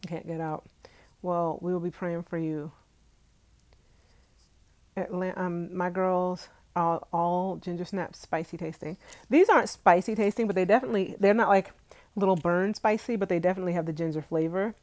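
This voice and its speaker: A woman's voice: on the low side, moderate pace. Chatty woman live-streaming from home. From Brooklyn, New York, USA. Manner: chatty and animated, talks straight to viewers with Southern "y'all". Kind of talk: casual live-stream chat. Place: at home, indoors, on her bed on a rainy day.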